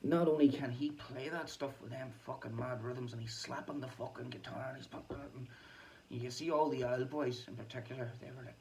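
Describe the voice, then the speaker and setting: A man's voice: mid-range voice, fairly even intonation, fairly quick, gravelly, darkish tone. A man talking in a casual, rambling monologue, swearing a lot, laughing often and trailing off mid-thought. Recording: distant mic with faint ambient noise.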